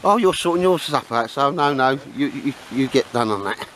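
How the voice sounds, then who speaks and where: At a windy, rainy outdoor campsite, a middle-aged man films a camping trip, trading chatty, jokey banter with his friends and calling everyone mate and sir. His mid-range voice is fairly bright, with lively intonation at normal speed. The rough recording is full of wind and rain noise.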